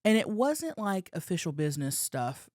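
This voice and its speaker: Lower-pitched woman telling a story on a podcast. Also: moderate pace, dry recording, clean studio sound. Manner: animated storyteller, acts out quoted voices, crude jokes. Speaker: podcast co-host. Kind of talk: casual storytelling chat. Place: podcast studio.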